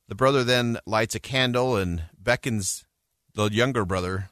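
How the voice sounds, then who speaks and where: A man's voice: mid-range voice, animated, measured pace, a bit bright, dry recording. A male radio host giving an earnest, reflective closing commentary and telling a story in a studio.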